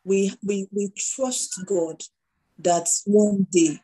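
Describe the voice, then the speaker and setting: Nigerian woman, mellow animated storyteller. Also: mid-range voice, extremely slow, poor audio. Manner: animated storyteller who acts out dialogue. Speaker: guest entrepreneur. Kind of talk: conversational interview.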